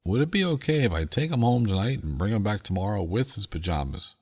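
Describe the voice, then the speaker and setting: A man voicing a stern father who calmly plays a prank on his son, in a dry, matter-of-fact way. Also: on the low side, fast, slightly rough, big-room sound, pitched above the performer's own voice. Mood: deadpan.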